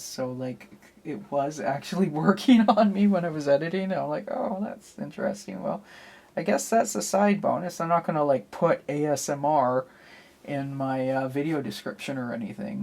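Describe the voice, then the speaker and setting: A woman's voice: extremely low pitch, creaky, a little mellow. A woman vlogger chatting in a rambling, self-deprecating way while she inks a cartoon at her drawing desk. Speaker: artist vlogger. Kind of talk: casual chat while inking a cartoon. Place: at a drawing desk under bright lights.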